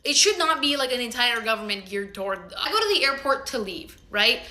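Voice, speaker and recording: A woman's voice: on the high side, big pitch swings, a little fast, sharp tone. A young woman telling a personal story to camera in loose, slangy talk with plenty of swearing. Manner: slangy, loose, swears freely, acts out what others said. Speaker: vlogger. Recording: roomy echo.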